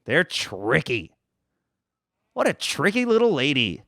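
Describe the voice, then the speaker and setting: A young man spins a comic tale as a podcast host, his pitch bouncing high and low as he goes. He rambles, restarts and swears freely. The sound is dry and close. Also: very animated, moderate pace, long pauses, a bit bright, no room sound. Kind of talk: casual comedic storytelling.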